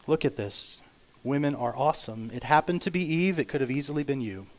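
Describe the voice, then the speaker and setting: A man preaching a sermon as pastor, earnest and emphatic, swinging between loud declarations and quiet asides, slowing down to read scripture aloud. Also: mid-range voice, lively intonation. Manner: reads scripture aloud slowly.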